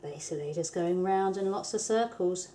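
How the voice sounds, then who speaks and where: A woman's voice: on the low side, normal speed, mellow, a little hiss or hum. A woman, hosting a craft tutorial in a casual, chatty manner with light self-deprecating humour. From England. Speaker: soap maker, tutorial host.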